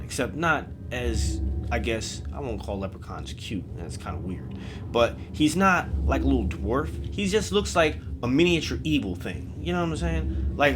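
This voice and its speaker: Rambling male storyteller with lively pitch. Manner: rambling, offhand, swearing. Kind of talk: casual horror-comedy storytelling. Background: music.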